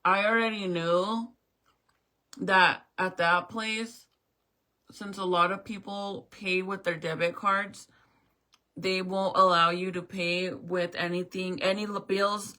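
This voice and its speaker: A woman's voice: mid-range voice, fairly even intonation, slow pace, sharp tone. A woman telling a storytime in a casual vlog rant, swearing and acting out both sides of the talk. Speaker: vlogger.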